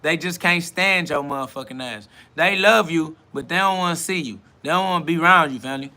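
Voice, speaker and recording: A man's voice: on the high side, a little fast, bright, forceful tone. A man hosting a spiritual podcast, preaching an improvised sermon in street slang, emphatic and profane with a repetitive cadence, recorded outdoors beside a road. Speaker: self-styled spiritual podcast host.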